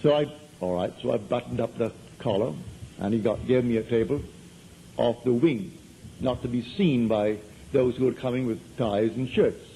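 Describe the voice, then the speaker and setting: This metaphysical lecture before a live audience comes from a man whose medium-pitched, warm voice moves at a normal speed. He tells stories conversationally and drives points home by repeating them, recorded in low quality with slight background noise.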